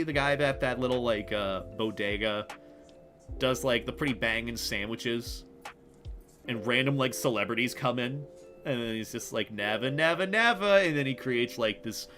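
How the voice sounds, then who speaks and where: A young man chatting casually on a livestream, rambling and self-deprecating, with some swearing. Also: medium pitch. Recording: music playing behind the voice.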